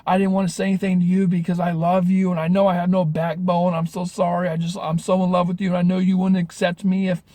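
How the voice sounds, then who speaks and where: A man's voice: monotone, quick pace, few pauses, mellow, no room sound, natural voice. A man doing a pleading spineless boyfriend. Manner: frantic, apologetic, high-pitched.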